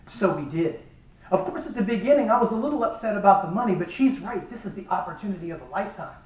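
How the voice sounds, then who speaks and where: Man telling a lively funny story, echoey. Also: high voice, quick pace. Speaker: speaker at a charity event. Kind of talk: humorous storytelling speech. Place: event hall. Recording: echoey hall from far off.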